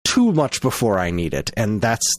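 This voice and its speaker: This podcast co-host is a man with a lowish voice who talks casually. He sounds a bit distracted and pokes fun at himself. The recording is dry and close. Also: huge pitch swings, normal speed, no room sound. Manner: distracted, self-deprecating. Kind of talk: casual chat.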